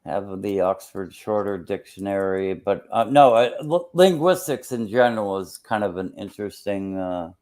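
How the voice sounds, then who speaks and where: A man speaks haltingly in a casual chat, stopping often to search for words. His phrasing leans formal and a little bookish. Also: fairly low pitch, animated, a little mellow. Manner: halting and wordy, many "uh" pauses, formal word choice.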